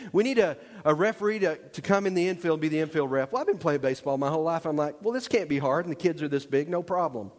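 A man preaching a sermon as pastor, telling stories with lively acted-out outbursts, miked on stage in a church. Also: on the high side. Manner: animated storytelling with acted-out shouts. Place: church sanctuary. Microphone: wearing a microphone pack. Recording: long reverb of a large hall.

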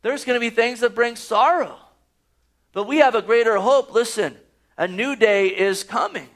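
Speaking at normal speed in an extremely high, slightly bright voice, this pastor preaches, reads from scripture and presses each point with rising emphasis.

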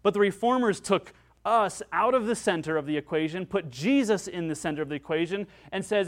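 A male pastor preaching a sermon in an earnest way, moving between hushed and loud passages. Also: high voice, a little fast.

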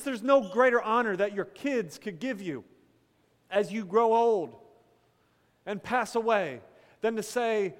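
A man, a pastor, preaching a sermon with dramatic pauses, dropping from loud to hushed and breaking into casual storytelling. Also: high voice. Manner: casual storytelling with quick asides. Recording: long hall reverb.

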